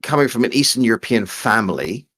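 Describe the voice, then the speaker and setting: A man's voice: mid-range voice, lively intonation, fast, a bit bright. A man co-hosting a casual live stream, reading out viewer questions and joking as he rambles over a call.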